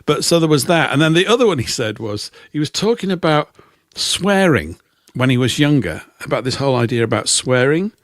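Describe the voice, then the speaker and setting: A man's voice: a little high, sing-song, brisk, few pauses, no room sound. Middle-aged english guy rambling dry stories, voice goes all over, dead dry mic. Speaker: co-host. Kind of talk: casual chat.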